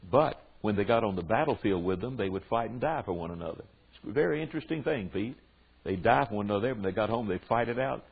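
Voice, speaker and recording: A man's voice: fairly low pitch, breathy edge. An older man with a Southern US accent preaching a sermon to a group of men, drawing out his words for emphasis and mixing in folksy asides. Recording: tinny phone-like recording.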